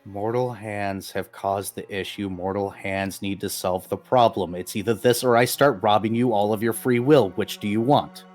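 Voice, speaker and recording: Man doing a stern weary guardian spirit, exasperated, slow and low, faint music. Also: a little mellow, natural voice. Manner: exasperated, swearing.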